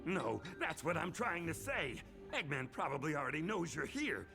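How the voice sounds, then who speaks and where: A gravelly crocodile detective. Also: male voice, on the high side, sing-song, moderate pace, music in the background. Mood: plotting. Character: Vector, gruff adult male crocodile detective. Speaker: cartoon character played on stream.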